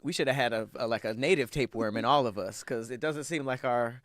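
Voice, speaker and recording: A man's voice: mid-range voice, brisk, fairly bright tone, no room sound. A man co-hosting a casual podcast, chatting loosely and reading facts aloud between jokes. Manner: laid-back, reads facts aloud between banter. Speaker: podcast co-host. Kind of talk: casual chat.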